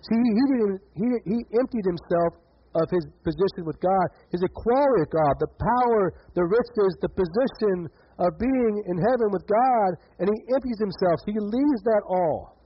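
A man's voice: sits high, animated, moderate pace, slight background noise. A male pastor preaching a sermon in an earnest way, often repeating words as he builds, in a dull lo-fi recording.

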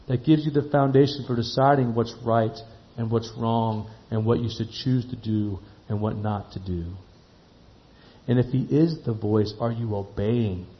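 A man's voice: medium pitch, highs cut off. A man preaching a sermon to a congregation, acting out little dialogues and asking the listeners one question after another. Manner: animated storytelling, acts out dialogue, asks the congregation questions. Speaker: pastor.

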